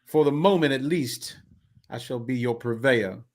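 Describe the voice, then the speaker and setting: A man voicing a bearded, cigar-smoking old carnival showman who speaks slowly in grand, old-fashioned phrases. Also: medium pitch, a little hiss or hum, lightly acted. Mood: grandiose.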